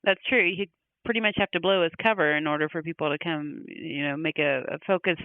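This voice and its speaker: High-voiced man on a tinny line. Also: fairly even intonation, fairly quick, no echo. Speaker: podcast co-host. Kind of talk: casual fan podcast chat. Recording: phone-like tinny sound.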